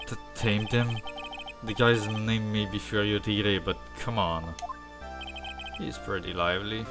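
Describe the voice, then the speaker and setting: A man's voice: on the low side, steady tone, unhurried, loud music behind the voice. A man casually reading a visual novel aloud as a streamer, with offhand comments and swearing. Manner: casual, swears, laughs at the game.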